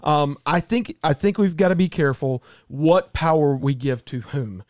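A man co-hosting a political talk show, careful and halting, with many restarts. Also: fairly high pitch, a little mellow, dry recording, studio quality.

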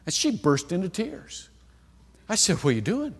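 A middle-aged man preaching a sermon, telling stories with lively acted-out dialogue. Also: high voice, moderate pace, very noisy. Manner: animated storytelling, acts out quoted dialogue. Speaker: pastor. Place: church sanctuary. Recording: long hall reverb.

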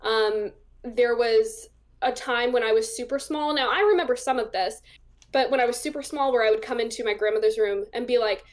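This is a psychic medium, a young woman being interviewed, whose fairly high voice moves a little fast. Her talk is chatty and relaxed, loaded with fillers, and she acts out voices while telling her stories.

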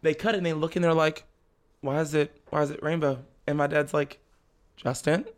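A young man, a podcast guest, telling a story in casual chat, animated and laughing often as he acts out his family's lines. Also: fairly high pitch, a little fast. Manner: laughs often while talking.

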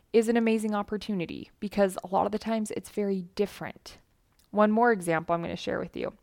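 Woman podcast host, chatty and earnest, bit of vocal fry, dry close sound. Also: fairly low pitch, no echo. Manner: chatty, earnest, acts out quotes with a lifted voice. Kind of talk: personal storytelling to listeners.

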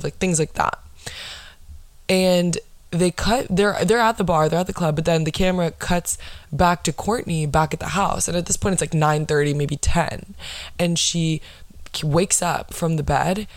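A woman vlogger telling a story in a blunt, profane, excitable way, casually recapping a show. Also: sits low, no echo.

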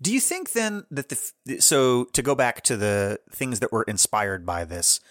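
A man's voice: mid-range voice, normal speed, no echo, studio quality. A man co-hosting a podcast in casual chat, animatedly retelling scenes. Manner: animated retelling with playful quoted voices. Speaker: podcast co-host.

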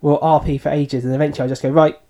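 A man's voice: a little high, flat delivery, rapid-fire, mellow. A man co-hosting a podcast, giving thoughtful, hedging opinions in a casual book discussion. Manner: thoughtful, hedging, self-deprecating. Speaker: podcast co-host.

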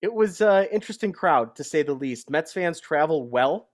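A man's voice: fairly high pitch, lively intonation, moderate pace, dry recording, clean studio sound. A young adult man chatting casually on a sports talk show, telling stories in a chatty way. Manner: chatty storyteller. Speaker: podcast co-host.

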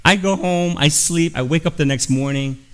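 A man's voice: a little high, moderate pace, fairly bright tone, smooth, rough recording. A middle-aged man preaching as a guest pastor, telling a personal story in an earnest, confessional way and acting out the voices of the people in it. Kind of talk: storytelling sermon.

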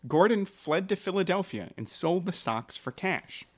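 A man's voice: high voice, expressive, normal speed. A man hosting a casual podcast, telling a history story with jokes and asides.

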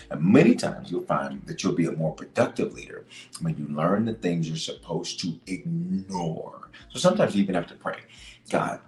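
This man, a bishop and podcast host, preaches on leadership with emphasis, reading scripture, repeating his key lines, and shifting between loud bursts and hushed asides. It's a rough recording with a reverberant sound.

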